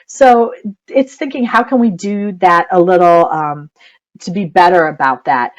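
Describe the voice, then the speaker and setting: A woman's voice: lowish voice, measured pace. A middle-aged woman coaching parents in a chatty webinar talk, laughing often and saying "you know" a lot. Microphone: computer mic on video call.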